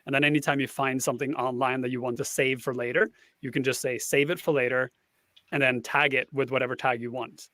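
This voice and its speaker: A man's voice: mid-range voice, flat delivery, fast, fairly bright tone, no echo. A man, a guest on a casual panel chat, explaining a tool at length and thinking aloud as he goes.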